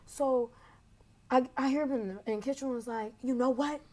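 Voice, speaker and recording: A woman's voice: high voice, fairly even intonation, moderate pace, mellow. A young adult woman caller telling a long story in casual, rambling talk over a phone connection, filling gaps with "blah, blah".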